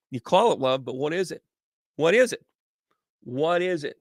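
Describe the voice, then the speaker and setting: A man doing casual live tarot readings as a medium, chatty and animated, greeting viewers by name. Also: a little high, normal speed, pauses often, dry recording, clean studio sound.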